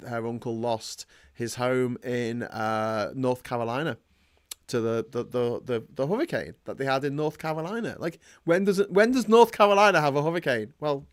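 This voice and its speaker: A man's voice: medium pitch, normal speed, clear, resonant tone, dry recording, studio quality. Man ranting bluntly on a podcast. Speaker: podcast host. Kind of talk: casual chat.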